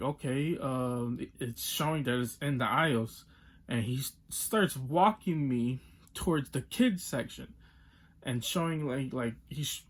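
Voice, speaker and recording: A young man telling a frustrated story in a casual vlog rant, acting out both sides of the talk, with many fillers. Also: medium pitch. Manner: exasperated, retells with quoted dialogue and many fillers. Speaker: toy collector vlogger.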